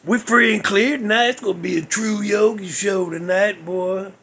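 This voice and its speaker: A man's voice: high voice, fairly even intonation, normal speed, vocal fry, fairly bright tone, slight background noise. A man, hosting a casual show from his garage, telling rambling folksy stories with frequent chuckles and restarts. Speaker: podcast host.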